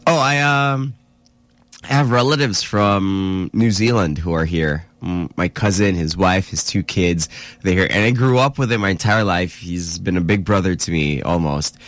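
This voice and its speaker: A man's voice: sits low, normal speed, a bit bright, no room sound. A man co-hosting a morning radio show, chatty and laughing, mixing in Tagalog words. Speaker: radio co-host. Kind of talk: morning radio banter, storytelling.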